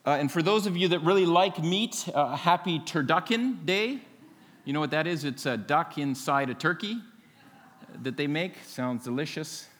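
A man's voice: fairly high pitch, animated, normal speed, a bit bright. Pastor guy giving a sermon, lighter voice, lots of uhs, echoey church. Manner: friendly, joking then earnest, filler-heavy. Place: church sanctuary. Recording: long reverb of a large hall.

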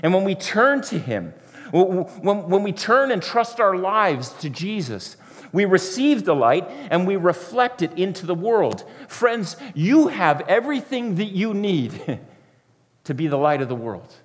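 A man preaching a sermon, earnest and repetitive, often sinking to a soft hush for emphasis. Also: a little high. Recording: long hall reverb.

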